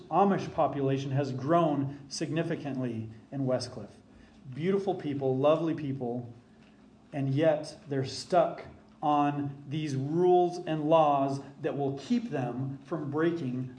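Middle-aged male pastor, slightly high voice, emphatic sermon delivery, roomy echo. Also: a little mellow. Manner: emphatic preaching, rising for scripture quotes.

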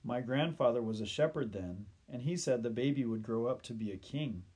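A man's voice: medium pitch, lively intonation, a little fast, a little mellow, husky. A man voicing an honest, eager young boy in a storybook reading.

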